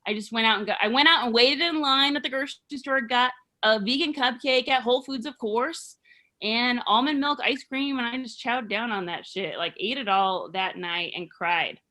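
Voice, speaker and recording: Woman, 30s, stand-up comic, self-deprecating, rambling, bright tone. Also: a little high, moderate pace. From Arizona, US. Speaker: stand-up comedian. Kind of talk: stand-up comedy set.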